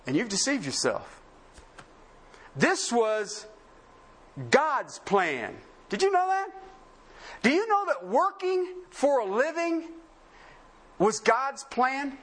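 A man's voice: extremely high pitch, huge pitch swings, takes it slowly, long pauses, a bit bright. A man preaching a sermon in a conversational, sarcastic way, full of rhetorical questions. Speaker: pastor.

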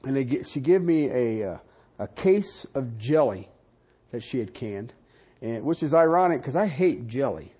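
An older man preaching a sermon, animated and conversational, with frequent asides to the congregation. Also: normal speed, breathy edge. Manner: animated preaching with wide swings in pitch and loudness, asides to the audience. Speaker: pastor.

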